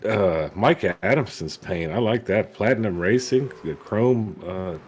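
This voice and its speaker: A man's voice: lowish voice, lively intonation, a little slow, slight background noise. A man doing color commentary on a sim race, easygoing and joking with his booth partners.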